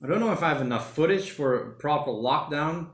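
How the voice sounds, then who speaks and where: A man's voice: fairly high pitch, brisk. Laid-back man chatting in an echoey room. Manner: rambling, relaxed, says mate and bloody a lot. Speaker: livestream host. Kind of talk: casual livestream chat reading comments. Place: home during lockdown.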